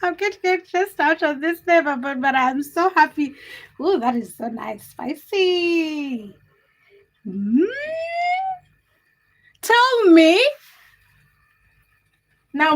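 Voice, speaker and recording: A woman's voice: high voice, animated, slow, long pauses. A young woman, hosting a casual livestream and chatting with viewers by name in a giggly, teasing way. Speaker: livestream host. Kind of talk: casual livestream chat reading comments.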